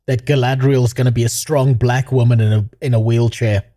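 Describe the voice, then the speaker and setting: A man's voice: mid-range voice, fairly even intonation, brisk, mellow. A male streamer ranting casually in a mocking tone, laughing often and rambling. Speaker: streamer host. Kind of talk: casual rant.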